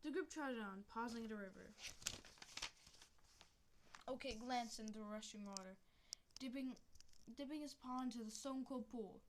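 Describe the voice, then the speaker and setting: A woman's voice: a little high, moderate pace, pauses often, noisy background. Woman reading a cat story aloud. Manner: unpolished reading with restarts and chatty asides.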